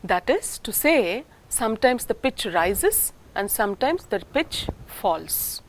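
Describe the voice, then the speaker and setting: A woman lecturer with an Indian English accent, explaining step by step in a slow, deliberate recorded lesson. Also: on the high side, big pitch swings.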